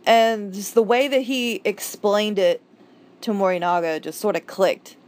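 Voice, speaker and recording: A woman's voice: mid-range voice, a little slow, a little mellow. A woman casually reviewing manga, rambling with restarts, swearing freely, gushing and exasperated by turns.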